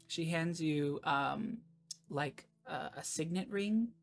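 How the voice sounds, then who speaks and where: A woman's voice: deep voice, slow, gravelly, faint music behind. A woman narrating a tabletop game as game master, in a casual way with fillers.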